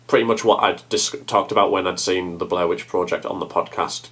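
A man on a film podcast, chatting quickly and casually with plenty of fillers. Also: deep voice, steady tone, a bit bright, husky. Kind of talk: casual chat.

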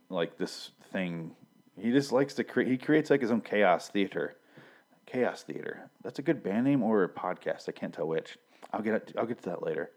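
A man with a very low voice recaps a TV episode in a loose, rambling way. He swears freely, restarts his sentences and drops deadpan jokes along the way. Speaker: show reviewer.

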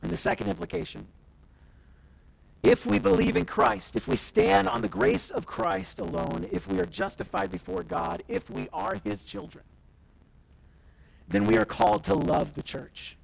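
A male pastor preaching to his church, his voice sitting high for a man and leaping up and down with lively swings of pitch. A strong gravelly fry runs through his words as he moves from loud declarations to near-whispered asides, stopping now and then to act out the voices he quotes. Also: normal speed, poor audio. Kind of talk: sermon.

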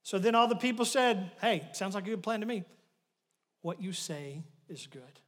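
A male pastor preaching a sermon, retelling a story with animated swings from loud bursts to hushed asides. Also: sits high, normal speed, long reverb tail.

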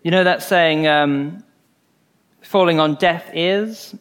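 A man's voice: fairly high pitch, slow, fairly bright tone, clean tone. A man preaching a conversational sermon, earnest and informal, often restarting phrases and saying "you know".

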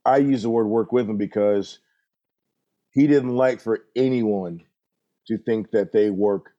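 A man's voice: on the low side, unhurried, warm tone, lo-fi sound. A middle-aged man, a drummer and guest, telling stories in a laid-back, folksy way in an interview. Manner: laid-back, folksy, acts out voices in anecdotes. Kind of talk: relaxed storytelling interview.

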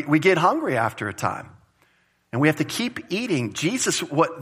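A man's voice: a little high, breathy edge. A man preaching an expository sermon in an emphatic, conversational way. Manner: animated, emphatic, conversational preaching with Greek word study. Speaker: pastor.

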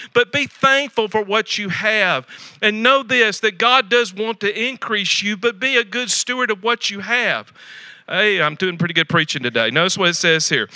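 Male pastor, folksy sermon delivery with repeated emphatic phrases; high, very bright tone, dry recording. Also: no room sound. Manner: swings from loud exhortation to quiet asides.

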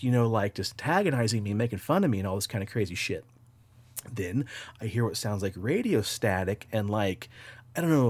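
A podcast host tells a story casually, swearing freely and getting animated. His voice sits a little low, and the recording is dry and close. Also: no echo. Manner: relaxed, profane, animated storytelling.

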